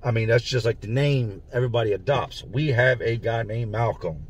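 A man's voice: mid-range voice, moderate pace, slightly rough. A man telling a story from his own prison time in a casual, slangy way, stopping to explain terms. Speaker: storyteller recounting prison life.

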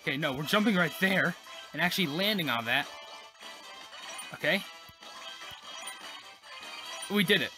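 Let's-play host, mid-pitched voice, rambling exasperated self-talk, faint game music underneath. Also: fairly bright tone. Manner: chatty, talks to self while playing, quick frustrated exclamations. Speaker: gaming YouTuber. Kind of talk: casual let's-play commentary.

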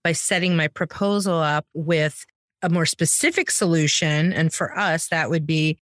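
An American woman co-hosting a sales podcast, talking quickly and emphatically, pushing her voice up on key points. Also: low-pitched, a bit bright, dry recording, clean studio sound. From United States. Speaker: podcast co-host, sales trainer. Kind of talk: casual chat.

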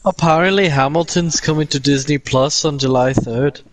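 A man with a notably high voice teases a friend in blunt, casual chat. He swears easily and sounds offhand. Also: normal speed, background noise. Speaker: friend of the host.

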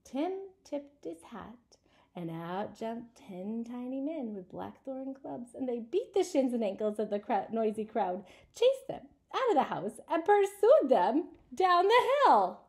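A woman's voice: a little high, measured pace. A woman reading a picture book aloud to children, asking them questions as she goes. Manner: asks listeners questions, animated.

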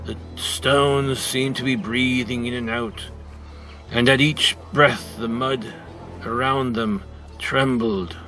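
A man reading a picture book aloud with dramatic, emphatic storytelling, with music clearly behind him. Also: medium pitch, steady tone, pushed and bright. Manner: dramatic, slow, emphatic narration. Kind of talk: expressive read-aloud storytelling.

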